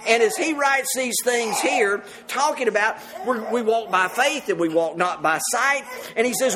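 A man's voice: very high voice, normal speed, few pauses, a crowd in the background. A man preaching a sermon to a congregation, earnest and often laughing as he speaks. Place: church service with congregation.

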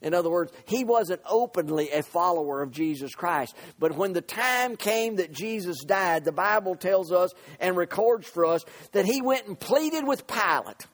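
A man with a fairly high voice preaching a sermon. He stumbles and repeats himself, fills gaps with "uh", and swings between hushed, low lines and sudden shouts. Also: expressive. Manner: halting, repeats words, many fillers, swings between soft and shouted lines.

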